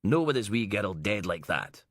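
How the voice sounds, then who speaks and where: A man's voice: fairly low pitch, very animated, normal speed, a bit bright, dry recording, studio quality. A male narrator voicing a foul-mouthed, brash female detective inspector, sarcastic and ranting. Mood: coaxing.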